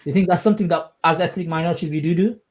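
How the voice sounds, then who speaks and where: Speaking very fast in a slightly high voice, this English podcast host leads a casual discussion. He's animated and emphatic, often pausing to ask his audience "you understand?"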